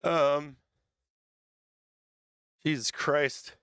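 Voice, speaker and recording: A man hosting a livestream, talking unscripted with heavy swearing and halting fillers. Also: a little high, steady tone, a bit bright, clean tone, no room sound, clean studio sound. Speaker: livestream show host.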